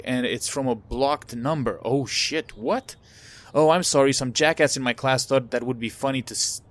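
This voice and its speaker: Casual male gamer reading game texts. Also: mid-range voice. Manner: reads on-screen texts aloud with casual asides and fillers. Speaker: let's play gamer. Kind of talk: casual let's play commentary.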